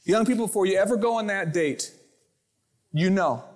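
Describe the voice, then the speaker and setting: A man preaching a sermon to his congregation, lively, acting out the voices in his quotes and stories. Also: high voice, moderate pace. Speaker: pastor. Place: church sanctuary.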